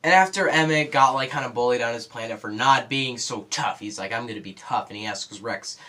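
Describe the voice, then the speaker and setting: A teenage boy giving a casual spoiler review of a movie, rambling with lots of fillers and quick asides. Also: medium pitch, sharp tone. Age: teens.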